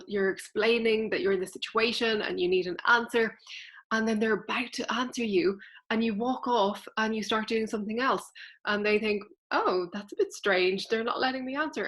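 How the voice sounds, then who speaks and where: A woman's voice: mid-range voice, a bit bright. A woman, a spiritual teacher explaining things earnestly and directly to her viewers in a casual vlog.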